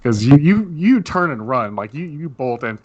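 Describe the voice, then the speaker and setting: A man's voice: medium pitch, very animated, moderate pace, a little mellow, lo-fi sound. Easygoing man running a tabletop game. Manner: loose, full of fillers, descriptive. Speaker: game master.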